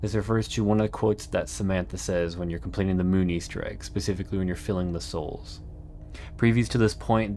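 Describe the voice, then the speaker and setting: A man narrating a scripted video essay in an earnest, measured way with dramatic pauses. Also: sits low, darkish tone. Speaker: YouTube narrator.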